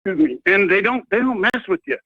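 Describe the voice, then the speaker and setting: Phoning in to a radio program, an American man rants and rambles, restarting often and leaning on fillers. He talks fast, with a high, expressive voice, heard over a muffled phone line.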